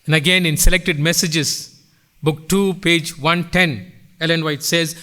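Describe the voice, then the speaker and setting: A middle-aged man preaching a sermon in church, with sweeping swells and drops in pitch and loudness. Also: steady tone, a little slow. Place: church sanctuary.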